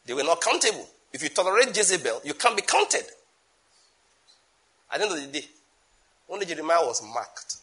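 A Nigerian-accented man preaches a sermon in a somewhat high, bright, forceful voice. He pushes his points with sudden loud rising bursts. He slips into Pidgin asides. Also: big pitch swings, brisk, pauses often.

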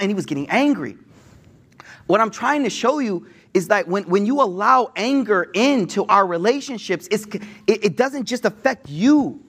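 A man delivers a relaxed sermon. He tells old stories in modern slang and acts out the quotes as he goes. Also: sits high, moderate pace, breathy edge. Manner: slangy, animated retelling with acted quotes. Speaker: Islamic preacher. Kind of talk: casual sermon with storytelling.

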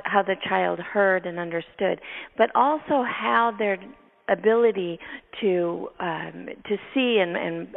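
A woman host telling a story from her work in a lively, animated way, now and then laughing and acting out her own thoughts. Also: medium pitch, vocal fry. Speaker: neurotherapist and podcast host. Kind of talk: storytelling in casual chat. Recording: tinny phone-line sound with long reverb.

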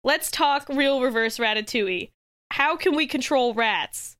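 A woman with a high, bright voice rambles slowly through a comic bit, giggling at her own jokes. The sound is dry and close, with no room around her. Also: lively intonation, dry recording. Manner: giggly, rambling, keeps laughing at herself. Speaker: podcast co-host. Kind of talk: casual comedic chat.

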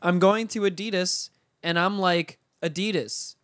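A man's voice: a little high, fairly quick, dry recording. A man co-hosting a podcast in casual banter, joking and swearing, often laughing. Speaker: podcast co-host.

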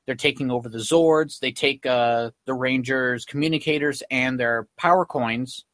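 Heard in a dry recording, a male podcast host with a medium-pitched, somewhat bright voice talks at a normal speed. He casually recaps a comic in a meandering way, leaning constantly on "um" and "like."

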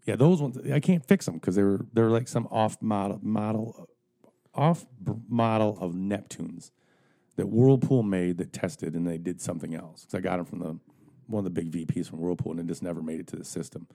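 Fast-talking, profane man with a low voice. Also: mellow. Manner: profane, rambling, laughing at his own stories. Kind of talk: casual storytelling among friends.

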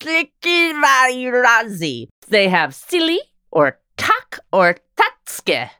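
Playful low-voiced woman podcast co-host. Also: sing-song, normal speed, fairly bright tone, no echo, studio quality. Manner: playful, laughs often, sounds out foreign words. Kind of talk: casual chat.

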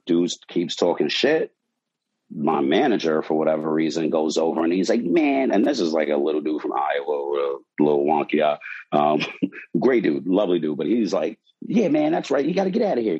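Speaking in an extremely low, husky voice on a muffled recording, a man who tends bar tells a wild tale from his shift. He's animated and profane, keeping it casual and performing the quotes.

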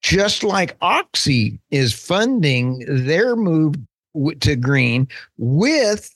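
A man with an Oklahoma accent co-hosting an energy news podcast, talking in a folksy, joking, animated way. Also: on the high side, extremely slow, breathy edge, dry recording. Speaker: podcast co-host. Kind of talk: casual chat.

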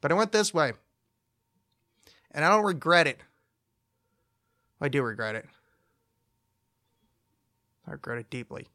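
A man's voice: fairly high pitch, sing-song, measured pace, pauses often, bright, forceful tone, no room sound, studio quality. Profane rambling male podcast host. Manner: rambling, profane, mock-outraged. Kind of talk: solo comedic rant podcast.

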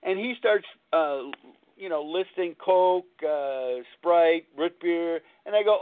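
A man's voice: fairly high pitch, takes it slowly. A man hosting a call-in recovery talk show, telling a personal story in an earnest, rambling way. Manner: rambling, earnest, repeats himself. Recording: tinny phone-line sound.

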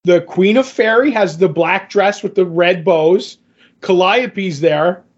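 This podcast co-host has a high voice and a slow delivery. Chatting loosely about a comic book, he rambles, often starts his sentences over, and voices quotes in little character voices, with the recording sounding dull and lo-fi.

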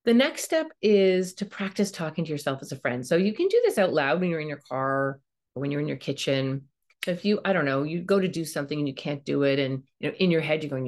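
A middle-aged woman giving a gentle self-help talk with a coaching manner, now and then acting out the voices in her head. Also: low voice, lively intonation, a little fast.

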